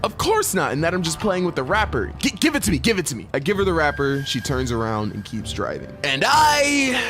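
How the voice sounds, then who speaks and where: A young man narrating a comedic storytime in an expressive, playful way with slang. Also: high voice.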